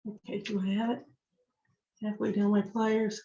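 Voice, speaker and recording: A slightly hoarse woman teaching a jewelry-making craft step by step, chatting to herself as she works. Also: mid-range voice, level tone, moderate pace, dark tone. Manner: chatty, talks to herself while working. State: slightly hoarse, losing her voice. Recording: echoey room, dull lo-fi sound.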